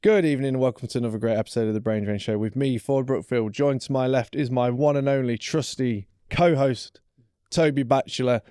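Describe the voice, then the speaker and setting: A man's voice: medium pitch, steady tone, brisk, mellow, smooth, faint music behind. A man hosting a podcast, giving chatty, upbeat introductions. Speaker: podcast host.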